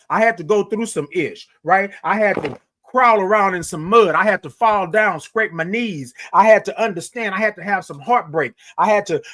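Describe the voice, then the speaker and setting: A man with a high, light, fairly bright voice delivers a motivational monologue on his morning show. He preaches to listeners, calling them "y'all" and repeating key lines for emphasis.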